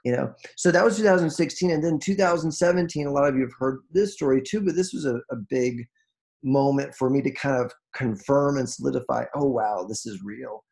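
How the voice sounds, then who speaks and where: Man, gravelly tone, emotional motivational speaker on a video call, earnest, restarts a lot. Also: mid-range voice, fairly quick, a little mellow. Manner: earnest, emotional, many restarts, voice rises when moved. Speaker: guest speaker on a group call. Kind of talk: heartfelt motivational talk.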